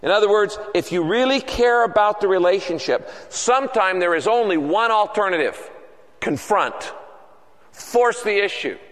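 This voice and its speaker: A man's voice: high voice, expressive, normal speed, fairly bright tone, long reverb tail. A male pastor preaching a sermon in an earnest, repetitive cadence.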